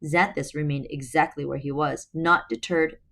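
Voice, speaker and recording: Low-voiced woman reading a storybook aloud. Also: fairly even intonation, moderate pace, fairly bright tone. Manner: chatty asides to viewers. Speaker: storybook reader. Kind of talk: reading a novel aloud to viewers. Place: at home, on her bed.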